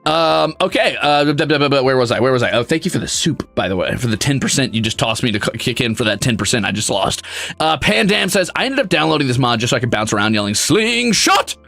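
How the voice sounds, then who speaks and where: A man's voice: mid-range voice, big pitch swings, fast, vocal fry, bright, forceful tone, faint music behind. A man streaming, reading viewer messages in casual chat with a brash, sarcastic, mock-grumpy way of talking.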